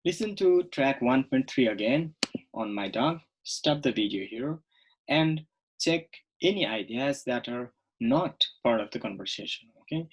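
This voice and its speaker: A man teaching a recorded online English lesson, speaking slowly and repeating words, often checking in with "okay?". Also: mid-range voice, expressive, breathy edge, low-quality recording. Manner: slow, repetitive, checks in with "okay?".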